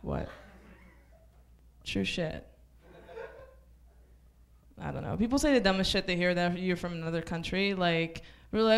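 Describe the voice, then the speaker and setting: At an open mic in a small comedy club, an Israeli woman whose first language is Hebrew performs stand-up with an Israeli accent, tossing off dark jokes and saying "like" a lot. Her voice is mid-range at a moderate pace, broken by long pauses.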